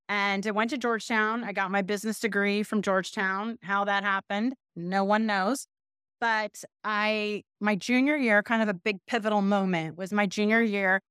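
Her mid-range voice is clear and resonant, captured in a dry, clean studio. The speaker, a middle-aged Pasadena business owner, chats through a story as a podcast guest, poking fun at herself and acting out quoted asides.

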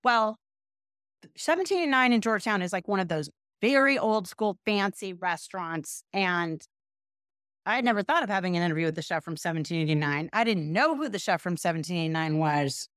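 A woman's voice: on the low side, fairly quick, clean tone, dry recording, clean studio sound. A middle-aged woman from California, a guest telling a story in an interview, chatty and self-deprecating. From Pasadena, California. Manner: chatty, self-deprecating, animated quoted asides. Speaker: podcast guest, business owner.

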